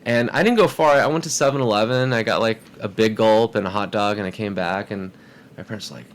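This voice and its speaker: A man's voice: lowish voice, a little fast, a little hiss or hum. A man telling a story in a casual podcast chat, acting out the voices of people in it. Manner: animated, acts out quoted voices. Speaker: podcast guest.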